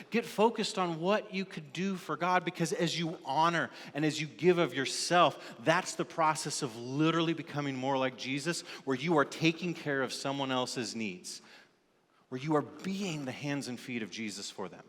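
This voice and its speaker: A man preaches a sermon from the pulpit, telling a story and briefly acting out its characters. His voice sits fairly high for a man. The sound carries a long reverb from the church sanctuary. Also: normal speed, fairly bright tone. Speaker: lead pastor.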